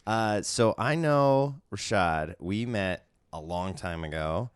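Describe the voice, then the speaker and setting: A man hosting an interview podcast, chatting in a relaxed way with plenty of fillers. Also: lowish voice, slow pace, smooth, no room sound, studio quality. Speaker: podcast host. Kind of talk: casual interview chat.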